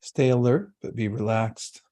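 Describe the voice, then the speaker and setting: A man giving a spiritual talk and a guided meditation, speaking slowly, calmly and soothingly with long pauses. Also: medium pitch. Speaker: spiritual teacher.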